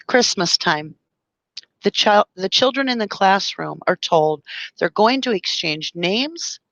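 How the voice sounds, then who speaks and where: A woman's voice: on the low side, fairly bright tone, dry recording, lo-fi sound. A woman hosting a live stream, speaking with passion and emotion, reading viewer comments and explaining through long analogies. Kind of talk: impassioned live-stream talk.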